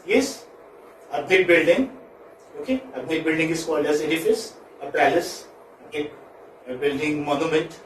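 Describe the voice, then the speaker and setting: Slow, high-voiced man teaching phonetics. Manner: repeats words slowly, quizzes students. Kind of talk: classroom lecture. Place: classroom. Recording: echoey classroom, distant mic, faint noise.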